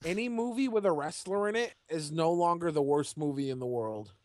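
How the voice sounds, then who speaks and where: A young man with a slightly high voice, talking in a relaxed, rambling way on a podcast. He drifts through stories and drops dude at the end of lines. The recording is dry and close. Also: fairly quick, dry recording. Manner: laid-back, rambling, says dude a lot. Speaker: podcast co-host. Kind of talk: casual podcast chat.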